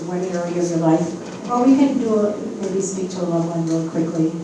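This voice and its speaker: A woman's voice: on the low side, moderate pace. A woman in her fifties, a spiritual medium, giving an emphatic, encouraging workshop talk to a live audience and often checking in with the crowd. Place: event room at a hotel. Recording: echoey room, distant, faint hiss.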